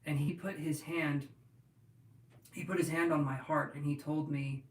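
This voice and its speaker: A man's voice: fairly high pitch, fairly even intonation, a little slow, a little hiss or hum. A man hosting a tarot live stream, chatting casually and rambling to his viewers with many restarts. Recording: echoey room, mic at a distance.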